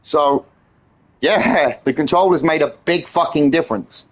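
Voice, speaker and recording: Husky high-voiced man streaming racing game. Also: a little slow. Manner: excitable, swears often, teasing banter with friends. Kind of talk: live-stream gameplay chat.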